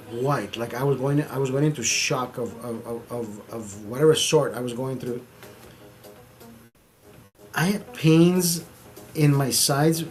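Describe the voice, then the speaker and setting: A middle-aged man hosting a stream, telling a story in casual, profane, animated talk, repeating phrases for emphasis. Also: medium pitch. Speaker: streamer host.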